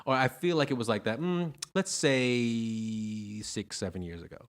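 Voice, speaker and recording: A man with a fairly low voice hosts a casual podcast conversation. He rambles and circles back, filling gaps with "like" and false starts. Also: sing-song, moderate pace. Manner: rambling, heavy use of "like", many restarts. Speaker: podcast host. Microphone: podcast microphone, also streamed live on video.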